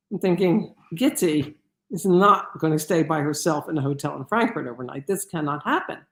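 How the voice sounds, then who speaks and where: A woman giving a lecture, telling a personal story in an animated way with many restarts. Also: on the low side, reverberant.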